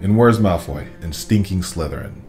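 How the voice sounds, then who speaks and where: Harry: a man playing an earnest young wizard, low and steady. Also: moderate pace, soft background music, close to an everyday voice. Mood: kind. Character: earnest boy wizard hero.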